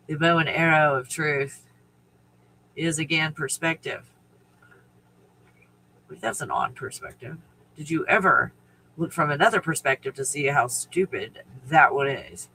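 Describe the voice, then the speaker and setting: A man's voice: fairly high pitch, sharp tone, slight background noise, rough recording. A man hosting a casual live stream, rambling through stories, laughing often, swearing freely and greeting viewers by name.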